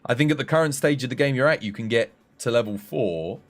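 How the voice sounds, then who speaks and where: A man with an English accent, chatting casually on a game livestream and coaching viewers in a relaxed, friendly way. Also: medium pitch, quick pace. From England. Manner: relaxed, chatty, addresses chat as mate.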